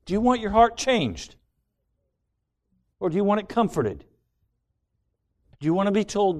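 A man's voice: sits high, sing-song, normal speed, pauses often, a little mellow. A man preaching a sermon, quoting hymn lines and asking pointed rhetorical questions.

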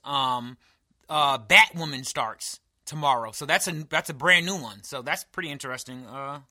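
Bright-voiced joking New man. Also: on the high side. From New York. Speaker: podcast co-host. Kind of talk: casual chat.

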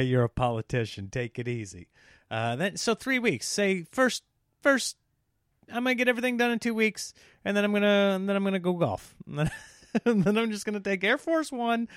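A man's voice: fairly high pitch, dry recording, clean studio sound. A man hosting a comedy podcast alone, rambling and interrupting himself, often laughing at his own jokes. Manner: mocks politicians in a put-on speech voice.

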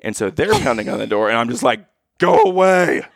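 A man telling a funny family story in casual chat, acting out his own past lines with loud outbursts. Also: fairly low pitch, fast, vocal fry, no room sound, studio quality.

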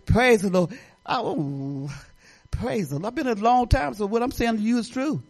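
An older woman pastor from Detroit giving a folksy, animated sermon, talking straight to the congregation with laughing asides. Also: fairly high pitch, normal speed. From Detroit, Michigan.

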